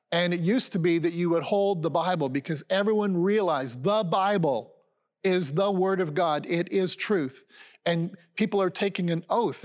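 A man in his sixties preaching a sermon as a pastor, earnest and conversational, often calling his listeners friends. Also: high-pitched. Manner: conversational preaching with fillers and restarts.

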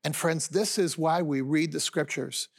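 A pastor in his sixties preaches a sermon in a fairly high voice with vocal fry, keeping a measured pace. He is earnest and conversational, often calling his listeners friends, and his delivery is full of fillers and restarts.

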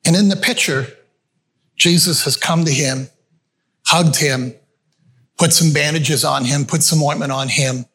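A male pastor with a rather high, slightly bright voice preaches at a measured pace, pausing often. His sermon unfolds as a conversational story, and he calls the audience friends. The setting is a church meeting room equipped with a screen.

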